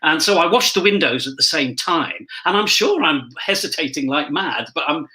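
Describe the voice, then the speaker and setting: A man with a bright, fairly high voice tells backstage stories from his years as a pantomime dame. His pitch swoops up and down with real animation. He rambles cheerfully and freely owns up to talking too much. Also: lively intonation, moderate pace, low-quality recording. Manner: chatty, rambling storyteller who admits he talks too much. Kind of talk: casual anecdote-telling chat.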